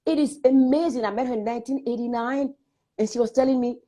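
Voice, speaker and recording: In a lively, casual interview, this older singer spins expressive stories, laughing and performing small quoted lines along the way. She has a high-leaning voice and talks fast.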